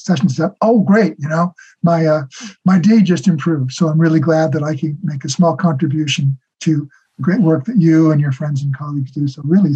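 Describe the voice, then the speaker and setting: A man's voice: fairly high pitch, dark tone, slightly rough. A man in his sixties, a guest in an interview, talking in a friendly, thoughtful and modest way. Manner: friendly, thoughtful, self-deprecating. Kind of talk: casual interview conversation. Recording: dull lo-fi audio.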